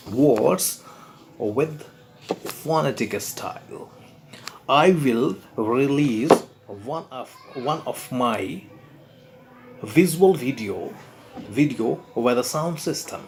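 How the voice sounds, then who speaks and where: A man gives a pronunciation lesson at a very unhurried pace. He spells each word letter by letter and repeats it several times. A faint hiss sits behind his voice. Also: mid-range voice. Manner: deliberate, spells words out letter by letter and repeats them. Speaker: English pronunciation teacher.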